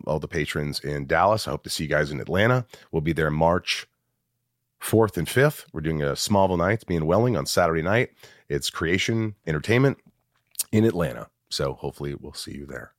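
Deep-voiced man rattling off names. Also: dry recording, studio quality. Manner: rattles off long name lists in a steady deadpan. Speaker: podcast host. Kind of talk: casual chat, reading patron names.

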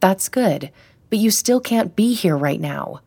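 A woman's voice: medium pitch, animated, measured pace, vocal fry, mellow, slightly rough, full character voice. A woman reading an audiobook, voicing a frightened but defiant woman who speaks firmly and tensely. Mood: angry.

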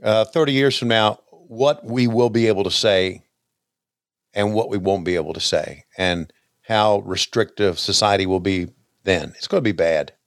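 A man's voice: fairly low pitch, moderate pace, dry recording. An older man co-hosting a casual chat, making dry, wry comments. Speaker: podcast co-host.

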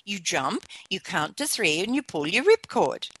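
A woman voicing a reassuring male skydiving instructor in a told joke, brisk and breezy. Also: fairly low pitch, very animated, breathy edge, exaggerated voice.

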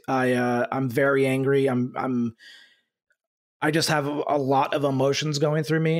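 A man hosting a basketball podcast, talking in an angry, halting way with many fillers and restarts. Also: medium pitch. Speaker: podcast host. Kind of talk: casual podcast talk.

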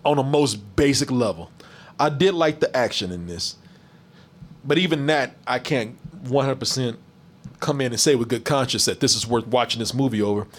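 A man hosting a casual movie review stream, animated, profane and mocking. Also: medium pitch, normal speed.

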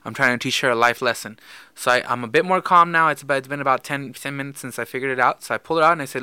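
Bright, clear-voiced man telling a story. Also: mid-range voice, rapid-fire, no room sound. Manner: storytelling, many fillers and restarts. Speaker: podcast co-host. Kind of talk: casual chat.

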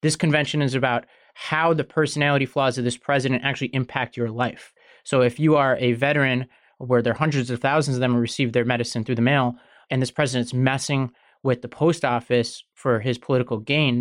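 Give me a man hosting a political podcast, brisk and analytical, with a dry close-mic sound. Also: medium pitch, steady tone, dry recording. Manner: brisk, segment-introducing, analytical. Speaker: podcast host. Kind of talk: casual political commentary.

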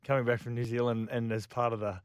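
Teasing radio co-host. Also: male voice, medium pitch, level tone, fast talker, a little hiss or hum. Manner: teasing, chatty. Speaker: radio sports show co-host. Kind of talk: casual radio banter. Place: radio studio.

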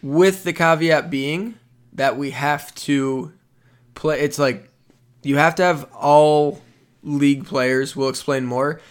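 A young man runs a casual sports podcast with an upbeat, joking manner. His voice sits a bit high for a man, and he rattles through sponsor reads and show plans in a friendly, easy chat. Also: fairly even intonation, slow pace, clean tone. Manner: upbeat, reads ad copy, jokes around. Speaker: podcast host.

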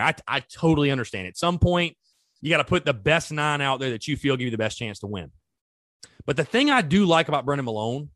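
A man's voice: medium pitch, a bit bright, no echo. A man hosting a sports podcast, talking casually and animatedly straight to his listeners. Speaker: podcast host. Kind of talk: solo sports podcast talk.

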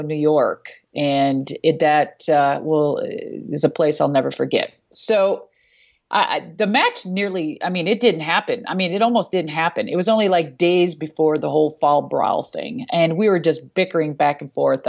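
A woman's voice: low-pitched, vocal fry, highs cut off. A woman hosting her own talk show, telling wrestling stories in a casual, blunt way, swearing freely and laughing often. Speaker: show host and former wrestler. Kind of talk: casual chat.

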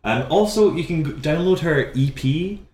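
A man, co-hosting a podcast in a casual chat about musical theatre, chatty and quick to jump into high notes. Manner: chatty, animated, bursts into high sung notes. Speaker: podcast co-host. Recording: echoey room, faint background noise.

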